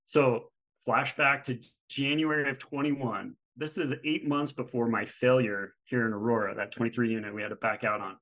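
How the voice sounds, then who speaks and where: A middle-aged man, a guest on a podcast, telling an animated story in casual conversation and acting out the people he quotes. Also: mid-range voice, normal speed, low-quality recording. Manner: animated storyteller who acts out quoted exchanges. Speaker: guest, real estate fund manager.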